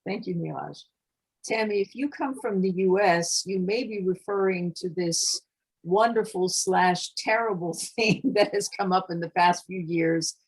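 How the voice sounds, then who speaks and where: A woman's voice: lowish voice, unhurried, husky, low-quality recording. A middle-aged woman moderating an online panel over a video call, chatty and friendly, laughing between remarks. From United States. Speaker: forum moderator.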